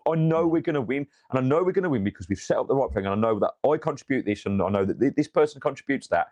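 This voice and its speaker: A man co-hosting a casual fan chat after a match, telling stories with animated, rising excitement. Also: medium pitch, racing, few pauses. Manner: animated storytelling, rises in excitement. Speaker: fan channel co-host.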